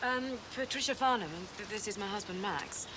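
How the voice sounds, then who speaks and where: A woman's voice: mid-range voice, brisk, natural voice. An actress playing a prim, stiff married woman who talks curtly and corrects people. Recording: noisy TV broadcast sound.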